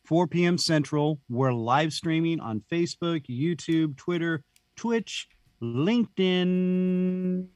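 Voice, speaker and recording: A man's voice: fairly high pitch, a little slow, dry recording. A man talking as a podcast guest in a casual, rambling chat, laughing often and saying "dude".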